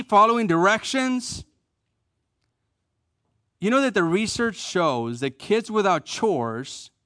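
A man's voice: on the high side, a bit bright, no room sound, clean studio sound. A man preaching a sermon, stressing key phrases by repeating them and asking the congregation to answer back. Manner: emphatic, repeats key phrases, leads the congregation in call and response. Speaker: pastor.

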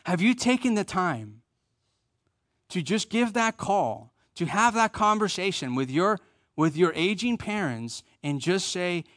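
A middle-aged man preaching a conversational sermon, repeating key phrases for emphasis and joking at his own expense, going soft and low for tender points. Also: sing-song, measured pace, dry recording, studio quality. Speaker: pastor.

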